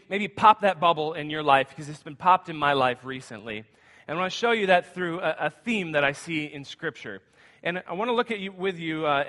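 A man's voice: a little high, sharp tone, in a large hall. A man in his thirties preaching a guest sermon, casual and conversational, telling family stories with asides. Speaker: guest pastor. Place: school auditorium used for church.

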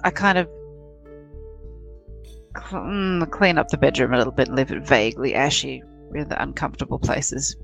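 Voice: mid-range voice, normal speed, creaky, long pauses, fairly bright tone, rough recording. A mischievous player in a casual tabletop game, eagerly scheming and joking. Faint music plays behind the voice. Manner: playful, mischievous. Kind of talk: casual tabletop role-play.

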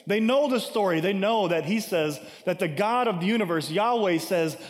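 A man's voice: high-pitched, animated, moderate pace. A man preaching a sermon in a conversational way, reading scripture aloud and explaining it with casual asides and frequent "right?". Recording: long hall reverb.

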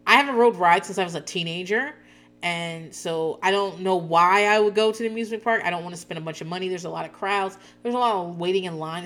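A woman in her thirties chatting casually as a podcast host, profane and quick to laugh. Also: fairly low pitch, fairly bright tone. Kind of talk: casual chat recapping a reality show.

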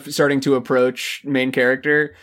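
A man's voice: medium pitch, flat delivery, normal speed, fairly bright tone. A man co-hosting a casual podcast, riffing jokily about an anime episode and slipping into silly voices. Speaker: podcast co-host.

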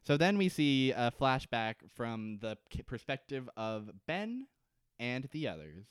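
A man's voice: medium pitch, a little slow, clean tone, no room sound, studio quality. A young man co-hosting a podcast, casually recapping a TV episode and acting out characters' lines with lots of laughter. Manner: animated, acts out characters' lines, laughs often. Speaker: podcast co-host.

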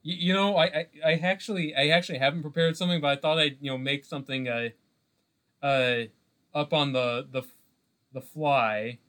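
A man's voice: on the high side, fairly even intonation, fairly bright tone, clear, resonant tone. A man co-hosting a podcast, talking casually with lots of fillers and restarts. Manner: halting, many fillers and restarts. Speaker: podcast co-host.

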